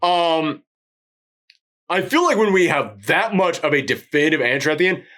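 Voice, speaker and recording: A man co-hosting a film review podcast, talking in excited casual chat, swinging between loud outbursts and low voices when he quotes characters. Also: normal speed.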